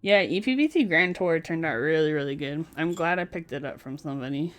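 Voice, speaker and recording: A woman's voice: deep voice, a little fast, few pauses, fairly bright tone, faint music behind. A woman chatting casually on a live stream from home, giggling often between remarks.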